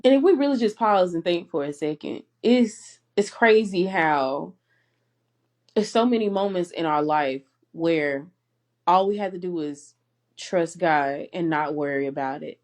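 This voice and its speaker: On her personal faith podcast, a young woman talks earnestly and with deep emotion, at times nearly crying and laughing between phrases. Her voice is on the low side, expressive and a little mellow, with a measured pace.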